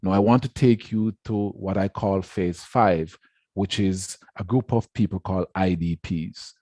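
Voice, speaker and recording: A man's voice: deep voice, steady tone, measured pace, dark tone, dry recording, clean studio sound. A man giving a formal lecture on education, speaking emphatically and repeating words to stress his points. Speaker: education researcher giving a talk.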